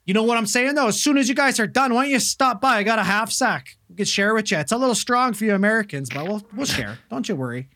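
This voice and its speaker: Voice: mid-range voice, lively intonation, fast talker, few pauses, bright, forceful tone. Someone doing a laid-back Canadian guy. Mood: easygoing. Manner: easygoing, drawling, says "eh" and "pal".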